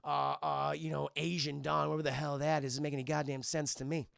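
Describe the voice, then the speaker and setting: A man voicing a gruff, tired male police sergeant who grumbles. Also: on the high side, flat delivery, fast, a bit bright, no room sound, studio quality, voice pushed down. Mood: grumbling.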